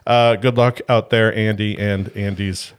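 A man's voice: on the low side, fairly even intonation, measured pace, clean tone. A man co-hosting a podcast in casual chat, joking and rambling with frequent fillers. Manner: jokey, rambling with many "uh" fillers and laughs. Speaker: podcast co-host.

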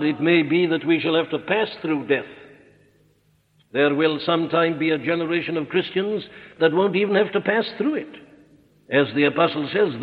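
A man preaching an expository sermon, earnest and emphatic, slowing down to stress his points. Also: fairly high pitch. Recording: echoey hall on a tinny narrow-band recording.

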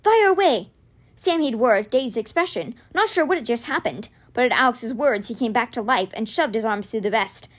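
A woman's voice: a little fast, hardly any pauses. A woman reading a children's fantasy novel aloud, narrating expressively. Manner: expressive, voices dialogue with raised pitch. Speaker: reader.

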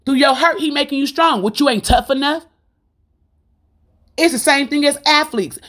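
A woman's voice: high voice, moderate pace, a bit bright. A woman giving an informal Christian sermon in a fervent, rhythmic style. She repeats lines for emphasis and puts rhetorical questions straight to her listeners. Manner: fervent, preachy, rhythmic and repetitive. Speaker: Christian speaker.

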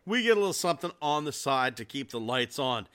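Excitable man in his forties, bright voice. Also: medium pitch, fast talker, clear, resonant tone. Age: 40s. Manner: excitable, swears freely, loud laughs. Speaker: podcast co-host. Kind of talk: casual chat.

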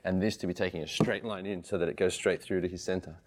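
Deep-voiced male martial arts instructor. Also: steady tone, fast. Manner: patient, repeats cues in rhythm. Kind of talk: coaching a class.

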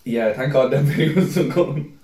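Telling drunken stories as a podcast co-host, this young man curses freely and imitates people with high-pitched voices, animated throughout. His pace is a little slow, and crowd noise fills the roomy-sounding recording.

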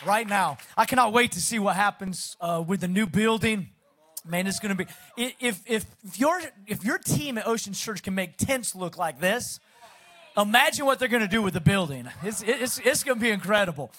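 High-voiced energetic guest pastor. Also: male voice, moderate pace. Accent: Southern American, Texas. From Pacific Northwest of the US. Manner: energetic, chatty, self-deprecating humor. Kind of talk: sermon introduction.

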